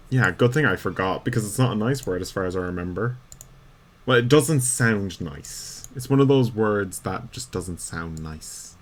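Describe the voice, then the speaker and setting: A man's voice: lowish voice, expressive, normal speed. A young Irish man chatting casually and rambling while he plays a game on stream, laughing often. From Ireland. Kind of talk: casual gameplay chat.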